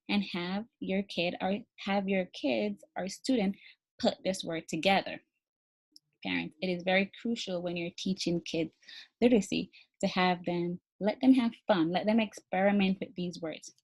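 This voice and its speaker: A woman's voice: mid-range voice, darkish tone. A woman teacher giving an instructional video lesson for parents. She speaks encouragingly to them and models each activity step by step, spelling words out letter by letter. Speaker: early literacy teacher.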